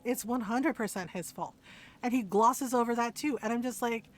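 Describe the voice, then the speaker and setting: High-voiced chatty woman streamer. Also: normal speed. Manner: chatty, animated, laughs often, ranting asides. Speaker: gaming streamer. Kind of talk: casual chat while streaming a game.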